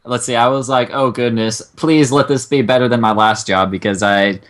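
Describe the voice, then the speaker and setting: A young man co-hosting a casual chat, talking in long, excitable, profane rants. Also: mid-range voice, normal speed. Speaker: co-host.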